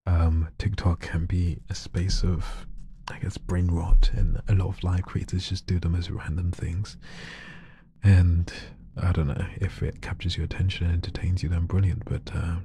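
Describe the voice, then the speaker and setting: A man chatting casually on a live stream, soft-spoken and shy, often slipping into whispers. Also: sits low, level tone, normal speed, a little hiss or hum. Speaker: live streamer and hobby voice artist.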